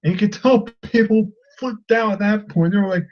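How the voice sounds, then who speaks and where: A movie vlogger rants casually and in exasperation, full of fillers and restarts. The pitch is moderate. The audio is dull and lo-fi. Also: fairly quick. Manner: exasperated, ranting, many fillers. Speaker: film reviewer. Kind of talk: casual vlog rant.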